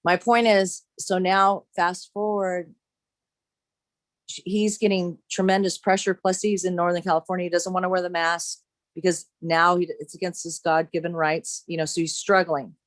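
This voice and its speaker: A woman telling a long personal story in casual chat, halting with many restarts as she retells what others said. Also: on the low side, little pitch movement, no room sound. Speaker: caller sharing a story.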